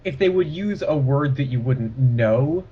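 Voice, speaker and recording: A man playing in a tabletop game over a voice call, making quick, matter-of-fact remarks. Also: medium pitch, expressive, slight background noise. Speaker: player. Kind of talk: casual tabletop role-play chat. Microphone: online voice call. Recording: dull lo-fi call audio.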